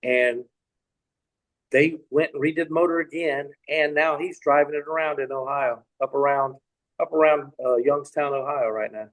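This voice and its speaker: A man's voice: on the high side, normal speed, rough recording. A middle-aged man from Tennessee, a podcast guest telling a long anecdote in a rambling way, full of restarts and asides. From Tennessee, USA. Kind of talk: casual anecdotal storytelling.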